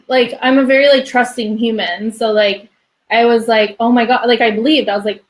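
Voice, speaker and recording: A woman's voice: fairly high pitch, steady tone, brisk. A young woman as a podcast guest, telling a personal story in a chatty way, full of "like" and small laughs. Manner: chatty, many "like"s, laughs between phrases.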